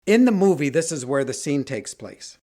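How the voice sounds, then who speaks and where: A man hosting his own podcast, telling a personal story and acting out quoted dialogue with lively shifts in voice. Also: on the high side, moderate pace. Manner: retells scenes, quoting dialogue in lively voices. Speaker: podcast host.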